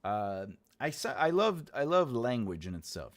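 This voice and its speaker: A man's voice: medium pitch, big pitch swings, measured pace. A man from the United States hosting his channel as an author, rambling casually and repeating his phrases as he talks to viewers. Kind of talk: casual livestream chat.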